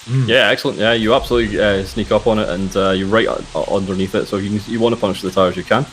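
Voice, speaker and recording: A man narrating a tabletop horror game as game master, in a relaxed, hesitant way with many fillers. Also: on the low side, quick pace, a little hiss or hum, low-quality recording. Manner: relaxed, hesitant with frequent uhs.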